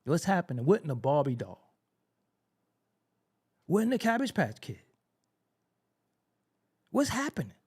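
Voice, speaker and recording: A man's voice: fairly high pitch, huge pitch swings, unhurried, long pauses, a little mellow, husky. A man hosting a hip-hop commentary show, ranting brashly with profanity and frequent laughter. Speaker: host.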